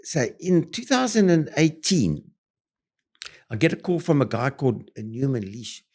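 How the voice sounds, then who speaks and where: An older South African man speaking as an interview guest at a middle pitch. He tells his business stories with animated, punchy bursts. He stumbles over fillers and restarts along the way. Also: moderate pace. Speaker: property developer guest. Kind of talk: interview storytelling.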